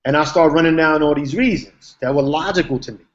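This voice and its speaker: A man's voice: fairly high pitch, fairly quick, dull audio. A man, a TV writer, telling a long story in a casual, rambling way with lots of slang and fillers, heard over a video call. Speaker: TV writer, guest. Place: online video hangout.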